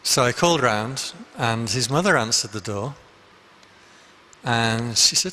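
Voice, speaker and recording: A man's voice: medium pitch, expressive, a little slow, long pauses, pushed and bright. A man, a Buddhist monk, giving a conversational dharma talk full of anecdotes in a meditation hall. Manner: conversational, anecdotal, with frequent restarts.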